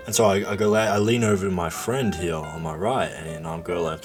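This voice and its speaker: A young man telling a confessional comedy story in a profane, rambling, excitable way. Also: deep voice, a little fast, hardly any pauses, music in the background. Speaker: vlogger.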